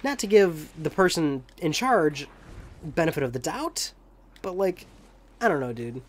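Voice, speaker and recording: Young male let's-player, slightly high voice, rambling and jokey, swears casually. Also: sing-song, unhurried. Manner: rambling, joking, profane asides. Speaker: let's play commentator. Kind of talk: casual gameplay commentary.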